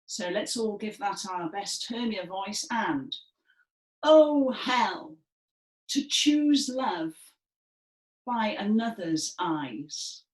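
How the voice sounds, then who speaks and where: A woman leading a gentle seated movement session, speaking clearly and encouragingly with some dramatic emphasis. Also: lowish voice. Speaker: movement and music session leader. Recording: echoey room.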